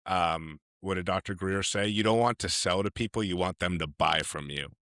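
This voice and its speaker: Male podcast host: low, bright tone, chatty, keeps asking "right?". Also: moderate pace. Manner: chatty, leans on tag questions. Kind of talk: casual podcast interview.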